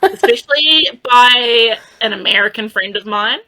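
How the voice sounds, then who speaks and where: Kiwi woman on a podcast, bright tense voice, joking around, dry close sound. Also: on the high side, dry recording, low-quality recording. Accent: New Zealand. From New Zealand. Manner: playful, quick to laugh. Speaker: podcast co-host. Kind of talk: casual chat.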